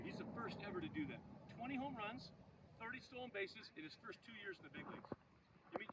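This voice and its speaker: Man in his 40s, ex-pro ballplayer pepping up a kids' team, very high voice, lively storyteller, recorded from far off outdoors with noise behind. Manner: animated storyteller, asks the kids questions, shouts quoted chants. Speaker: former pro baseball player speaking to a youth team. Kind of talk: motivational talk to kids.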